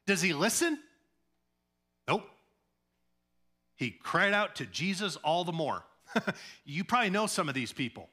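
A pastor who grew up in the Chicago area preaches a sermon, with animated delivery, humor and acted-out quotes. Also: male voice, high-pitched, measured pace. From Chicago area, USA. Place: church sanctuary at a podium.

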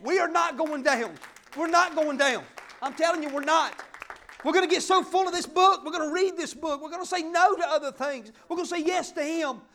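A middle-aged man preaching a sermon, fervent and emphatic, swinging between loud declarations and quiet asides. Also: extremely high pitch, fairly quick, a faint crowd, slight background noise. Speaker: pastor.

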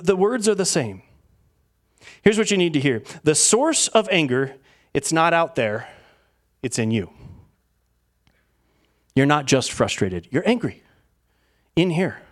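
A male pastor preaching a sermon with a lively, swooping delivery. His voice sits a little high for a man. He acts out everyday speakers as he goes. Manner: animated preaching, acting out voices.

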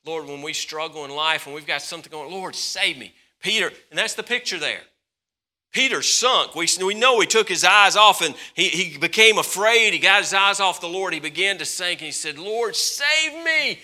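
A man preaching a sermon as pastor, swinging between loud, passionate stretches and hushed, slower ones. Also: sits high.

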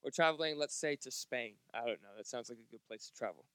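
A man's voice: medium pitch, quick pace, fairly bright tone, clear, resonant tone, no room sound, clean studio sound. A man preaching a sermon at a church service, joking and chatting directly with the congregation. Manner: jokey, chatty, talks straight to the congregation. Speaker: pastor.

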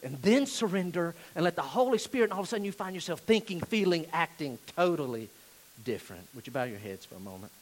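A man with a fairly high voice delivers a sermon in a church sanctuary. He talks to the congregation directly, then swells into fervent, loud stretches before dropping back to a near hush. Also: fast, rough recording. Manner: animated preaching, swinging from hushed to loud. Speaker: pastor.

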